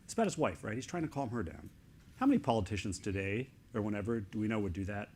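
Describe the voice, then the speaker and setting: A middle-aged man, an author speaking as an interview guest, telling a story in excited, animated bursts of short fragments. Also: on the low side, fast, slight background noise.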